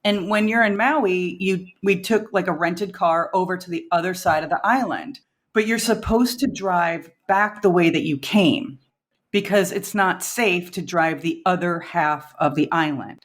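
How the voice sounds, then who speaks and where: A woman's voice: fairly low pitch, measured pace. A woman in a band, a podcast guest telling rambling stories in a casual, chatty way and laughing often. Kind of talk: casual storytelling.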